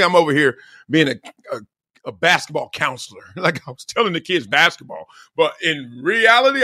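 A man hosting a podcast in casual chat, hoarse from yelling, animated and laughing often. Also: fairly high pitch, no room sound, studio quality. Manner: animated, laughing, shouts out coaching lines. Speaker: podcast host.

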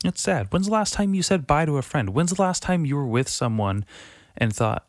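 A man's voice: a little high, big pitch swings, normal speed, no echo. A young man in his twenties hosting a solo podcast in a darkened room, rambling and confessional, swearing often and padding his talk with fillers. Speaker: podcast host. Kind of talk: late-night solo podcast monologue. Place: darkened room lit by Halloween lights.

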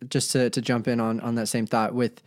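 A man's voice: medium pitch, level tone, fairly quick, darkish tone. A man hosting a podcast in casual chat, rambling and enthusiastic, with lots of fillers and restarts. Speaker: podcast host.

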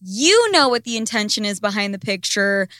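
Bright-voiced blunt young woman. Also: mid-range voice, normal speed, no room sound, studio quality. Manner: blunt, profane, animated storytelling. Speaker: podcast co-host. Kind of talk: frank casual chat.

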